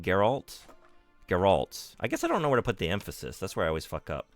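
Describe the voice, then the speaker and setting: A man's voice: sits low, expressive, moderate pace, a bit bright, smooth, no room sound, soft background music. A man streaming a game, chatting casually with his viewers and poking fun at himself. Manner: chatty, self-deprecating, reads and answers chat. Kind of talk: casual live-stream chat while gaming.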